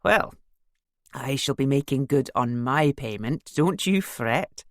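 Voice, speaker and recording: A woman's voice: low voice, expressive, a little slow, warm tone, no echo. A woman reading a cheerful female friend in an audiobook, light and breezy in manner. The recording is dry and close-up.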